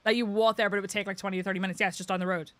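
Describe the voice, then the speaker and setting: A young woman from Northern Ireland, with a Northern Irish accent, chats casually while streaming a game, laughing often and swearing lightly. Her medium-pitched, slightly bright voice races along in a steady tone, with no echo.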